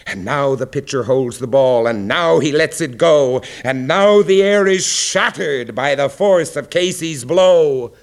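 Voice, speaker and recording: A man recites verse at an unhurried, deliberate pace, letting his voice sink low and soft on the solemn lines. His pitch sits in an ordinary middle range, and the delivery is theatrical rather than conversational. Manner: measured, dropping low and quiet for weighty lines. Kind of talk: dramatic poetry recitation.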